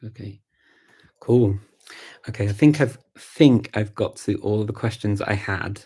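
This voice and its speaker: Relaxed Scouse man, husky low voice. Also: measured pace. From Liverpool, England. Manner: relaxed, thinking aloud with many ums and restarts. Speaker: host of a live language chat. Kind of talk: casual live chat answering viewer questions.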